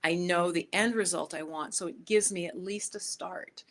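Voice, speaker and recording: A woman's voice: lowish voice, normal speed, a bit bright. A woman life coach giving a casual, chatty motivational talk, speaking directly to her viewers.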